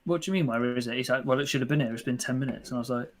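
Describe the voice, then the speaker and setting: A young man with a British accent, co-hosting a casual podcast, telling animated stories and acting out customers' lines. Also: medium pitch, rapid-fire, slight background noise. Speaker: podcast co-host. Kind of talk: casual chat.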